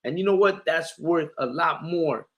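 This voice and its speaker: A man's voice: on the high side, unhurried, a bit bright, muffled recording. A man preaching a sermon, passionate and rhetorical, firing questions at his listeners with frequent fillers and restarts. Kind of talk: street-style sermon.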